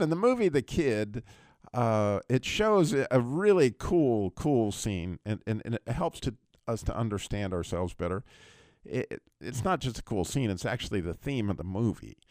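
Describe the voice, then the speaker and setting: Male faith-radio host, earnest rambler, lively pitch, dry studio sound. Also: dry recording. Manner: earnest, rambling, repeats words while retelling a film. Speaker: radio talk show host. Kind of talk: Christian radio talk.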